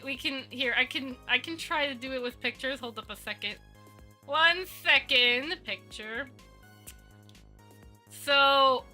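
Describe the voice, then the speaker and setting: A woman's voice: sits high, bright, forceful tone. A woman live-streaming, rambling playfully and talking to herself while she works on a 3D model. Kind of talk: casual live-stream chat.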